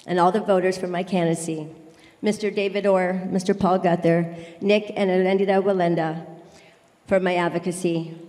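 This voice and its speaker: A woman's voice: medium pitch, a little mellow, long reverb tail. A middle-aged woman giving a heartfelt, emotional award acceptance speech in a large circus tent.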